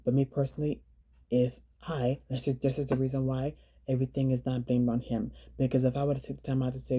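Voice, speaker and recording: A woman telling her own story in a vlog, halting and earnest, often repeating words and phrases. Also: very deep voice, flat delivery, dark tone, slightly rough. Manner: earnest, urging viewers to slow down.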